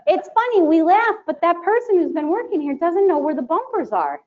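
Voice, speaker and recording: A woman presenting to a live conference audience, chatty and animated, laughing often and acting out quotes. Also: extremely high pitch, brisk. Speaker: conference presenter, sterile processing educator. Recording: dull lo-fi sound.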